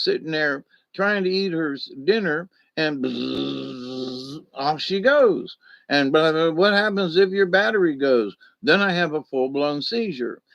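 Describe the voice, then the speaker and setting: A man chats on his own live stream, slow and unhurried, swearing and wandering through stories while he answers chat. The audio is dull and lo-fi, with a dry close sound. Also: a little high, fairly bright tone, no room sound. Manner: rambling, profane, tells anecdotes with sound effects; reads and answers chat comments.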